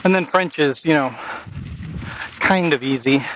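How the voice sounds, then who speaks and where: A man's voice: a little high, unhurried. An American man in a casual, rambling monologue, musing wryly and correcting himself as he goes. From United States. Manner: musing, wry, self-correcting. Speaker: vlogger. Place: outdoors near running water. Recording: noisy outdoor recording.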